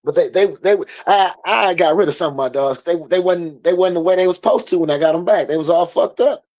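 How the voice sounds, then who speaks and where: A man from the United States in casual street talk, blunt and profane, telling animated stories. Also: high-pitched, fast talker.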